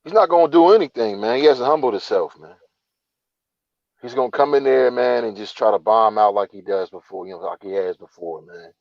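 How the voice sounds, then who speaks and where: A man's voice: lowish voice, fairly quick, gravelly, no echo, dull audio. A man co-hosting a casual boxing chat, emphatic, ending almost every phrase with "man". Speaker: boxing podcast co-host.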